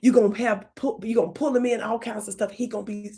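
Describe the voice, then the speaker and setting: A woman hosting a comedic livestream, talking to her viewers in an animated, playful way, with sudden whispers and slow, drawn-out words. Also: fairly high pitch. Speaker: channel host.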